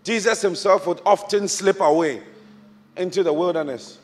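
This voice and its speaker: A man from Ghana preaching a sermon as a bishop, swinging from quiet reflection to shouted exhortation with repeated rhetorical questions. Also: high-pitched, normal speed. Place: large church auditorium. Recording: large church hall with long reverb, music behind.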